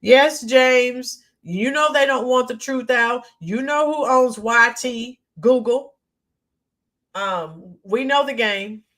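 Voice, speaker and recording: Woman, livestream host, fairly high voice, halting delivery with many ums, reads chat names aloud. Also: fairly bright tone. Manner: talks to viewers by name, halting with many ums. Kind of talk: casual livestream commentary.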